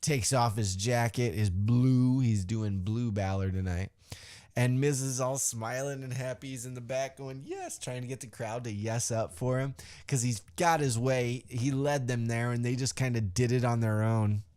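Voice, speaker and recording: A man's voice: mid-range voice, fairly even intonation, moderate pace, a little mellow. A man hosting a podcast who recaps a wrestling show in a loose, rambling way, with fillers and some swearing. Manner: acts out quotes in a loose, offhand way. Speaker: podcast host.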